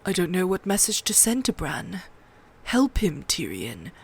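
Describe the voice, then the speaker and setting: A woman reading aloud, voicing an earnest, somber young man who keeps watch on a frozen wall, in a quiet, low-key way. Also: huge pitch swings, measured pace, husky, heavily acted. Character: earnest, somber young male sworn brother.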